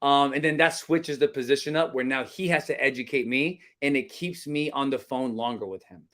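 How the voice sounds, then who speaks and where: A man's voice: medium pitch, brisk, a bit bright. A man coaching real estate agents in a live stream, talking casually and energetically, often calling his viewers guys.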